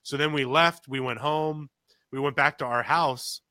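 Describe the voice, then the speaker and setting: A man's voice: medium pitch, fairly even intonation, unhurried, pushed and bright, no echo. A man co-hosting a podcast, telling a story casually and acting out quotes with big jumps in his voice. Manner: swears casually, many restarts. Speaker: podcast co-host.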